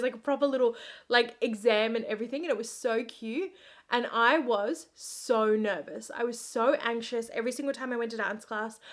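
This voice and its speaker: A young woman chatting earnestly while doing her makeup at home, full of "like" fillers and restarts. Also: fairly high pitch. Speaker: vlogger. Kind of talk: casual get-ready-with-me chat.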